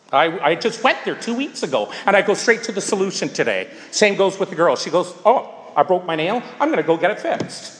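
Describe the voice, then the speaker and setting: A man's voice: high voice, a bit bright, in a large hall. A man sharing his story at a recovery meeting, talking in an emphatic, repetitive, preaching way. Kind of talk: sharing at a twelve-step meeting.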